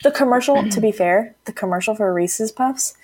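A woman's voice: medium pitch, fast, darkish tone, breathy edge, dry recording. A woman from Texas co-hosting a podcast in casual chat, laughing often and swearing freely. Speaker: podcast co-host.

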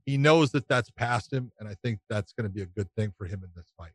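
A man's voice: on the low side, a little fast, husky, dry recording. Ex-referee man, dry casual talk. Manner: relaxed anecdotes with quoted dialogue. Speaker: former referee, podcast co-host. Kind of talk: casual chat.

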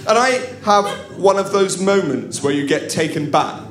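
A man performs a comic story before a live audience in an echoing room. His voice sits a little high for a man. He delivers it wryly and theatrically, breaking off to talk straight to the crowd. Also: lively intonation, moderate pace. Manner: wry, theatrical, with asides to the audience. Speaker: comedian storyteller. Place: live comedy venue. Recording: echoey room at a live show.

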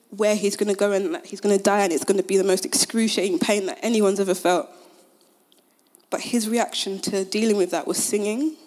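A young woman gives a casual, conversational sermon. She leans on fillers and modern slang as she retells the story. Her voice sits at an ordinary middle pitch. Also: a little mellow. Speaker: speaker at a Christian gathering.

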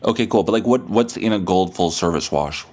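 A man's voice: deep voice, brisk, a little mellow, slight background noise. A man hosting a podcast, rambling through a profane comedic monologue and a joking phone call. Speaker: podcast host.

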